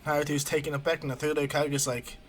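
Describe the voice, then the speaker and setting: A man's voice: a little high, flat delivery, quick pace. A man casually retelling a fan story as a streamer, rambling with ums and restarts. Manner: rambling, hesitant, many ums.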